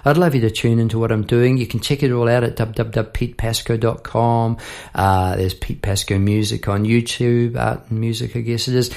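A man's voice: medium pitch, little pitch movement, moderate pace, gravelly, darkish tone. A middle-aged man, a songwriter hosting his own podcast, chatting casually and rambling through stories with frequent restarts. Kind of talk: casual chat about songwriting.

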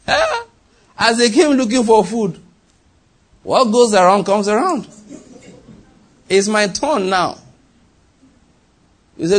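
Male preacher, high husky voice, animated sermon delivery with acted-out quotes and loud-to-hushed swings. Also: measured pace, pauses often.

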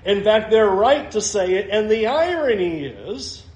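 A male pastor preaching a sermon, animated, acting out the quotes he reads with shifting voices. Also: high-pitched, unhurried, roomy sound.

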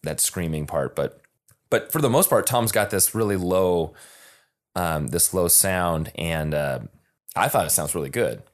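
A man co-hosting a podcast in casual chat, animated and halting, often restarting his sentences. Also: low-pitched. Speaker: podcast co-host.

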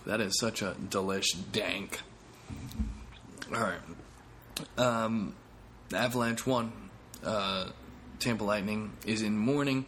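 A man's voice: fairly low pitch, slow, long pauses, a bit bright, a little hiss or hum. A man who is a comedian, hosting a casual solo podcast in a rambling, profane way with self-mocking jokes.

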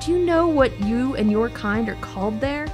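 A woman reading aloud as a cruel, menacing male werewolf, speaking slowly and tauntingly. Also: on the high side, lively intonation, darkish tone, soft background music, natural voice.

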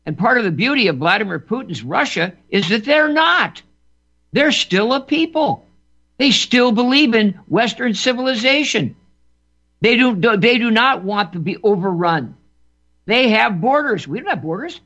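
A man's voice: extremely high pitch, lively intonation, normal speed, bright, forceful tone. A man giving an emphatic political monologue as a commentator, often repeating words and restarting phrases. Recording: dull lo-fi recording.

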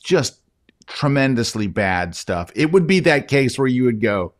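A man's voice: medium pitch, expressive, unhurried. A man who is a guest photography educator, telling an anecdote in a casual interview and often addressing the host by name.

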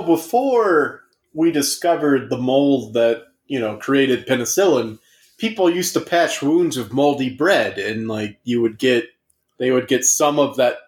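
Playful, rambling man in an echoey room. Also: medium pitch. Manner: rambling, playful, hesitant restarts. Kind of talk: casual comedic chat.

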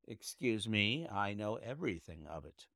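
A man voicing a shrewd Victorian detective, speaking in a bland, measured, quietly confident way. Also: fairly low pitch, sing-song, vocal fry, no room sound, clean studio sound, heavily acted.

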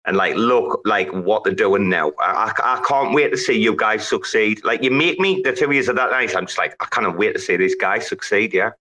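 A man's voice: on the low side, moderate pace, few pauses, bright, forceful tone, low-quality recording. A man hosting a casual online audio chat, bantering, swearing and laughing often. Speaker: host.

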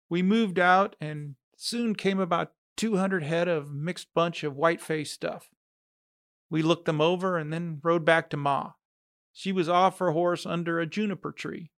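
A man narrating a story read from a letter, steady and reflective. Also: a little high, moderate pace, no echo, studio quality.

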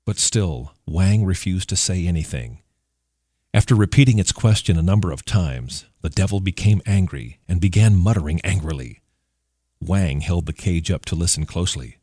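A man narrating a folk tale in a measured, steady storytelling manner. His voice is extremely low and husky. It is recorded dry, with soft music playing faintly underneath. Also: no room sound.

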